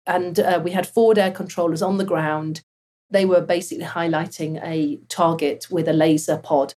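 A woman with a slightly breathy voice talks through her years as a fighter pilot. She tells it casually and animatedly, with bursts of laughter. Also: lowish voice, moderate pace. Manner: animated, laughs while telling stories. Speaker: former fighter pilot guest. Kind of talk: casual interview storytelling.

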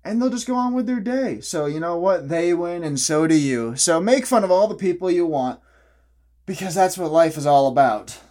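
A man's voice: on the high side, lively intonation, normal speed, a little mellow. A young man in a casual, opinionated vlog monologue who rambles, restarts often and laughs at his own jokes. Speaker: vlogger.

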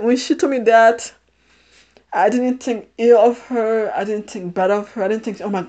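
A woman in her thirties with a fairly high voice, chatting on her podcast. She keeps laughing as she talks and often goes back over her own phrases to restart them. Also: darkish tone. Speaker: podcast host. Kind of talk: casual personal storytelling.

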